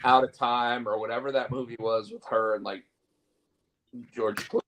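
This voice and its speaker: A man's voice: mid-range voice, steady tone, normal speed, fairly bright tone. A man hosting a casual chat show, chatty and jokey, often mimicking actors' lines. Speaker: host.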